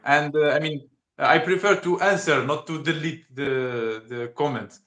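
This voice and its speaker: A man with an Algerian accent hosting a casual livestream chat, halting and searching for words with many restarts. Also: fairly high pitch, a bit bright, reverberant. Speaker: livestream host.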